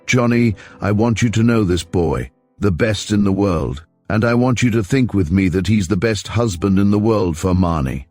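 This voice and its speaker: A man's voice: lowish voice, expressive, moderate pace, few pauses, a little mellow, no room sound, soft background music. A man reading a hearty, teasing older father. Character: warm, doting older father.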